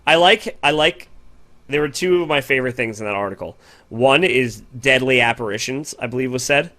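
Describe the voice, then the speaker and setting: A man co-hosting a casual paranormal podcast, loud and joking, swearing often and throwing in slang like "yo". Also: medium pitch, a little fast. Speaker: podcast co-host. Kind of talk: casual live-stream chat.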